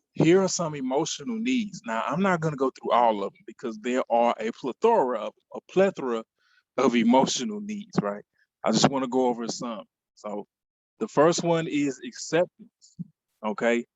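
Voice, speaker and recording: A man's voice: medium pitch, dry recording, lo-fi sound. A man giving a conversational motivational talk to an online audience, often repeating phrases and checking in with "right?".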